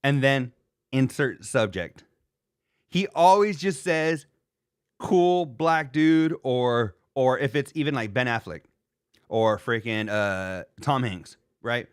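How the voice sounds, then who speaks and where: A man's voice: medium pitch, animated, slow, clean tone, no echo, studio quality. A man hosting a casual live reaction stream, rambling and joking with plenty of fillers. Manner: loose, rambling, jokey, lots of fillers.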